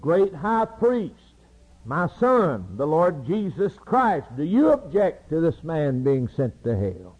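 A preacher acting out God as a stern judge. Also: male voice, fairly high pitch, sing-song, slow, darkish tone, husky, voice pushed up, full character voice, rough recording. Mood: solemn, questioning.

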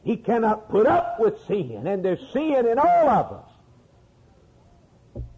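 A man preaching with fervor. His voice sits high and swoops dramatically, falling to near murmurs before climbing to ringing cries. The tone is mellow and slightly husky. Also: wildly swooping pitch, slow pace, poor audio. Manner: fervent, swinging from low murmurs to rising cries. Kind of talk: sermon.

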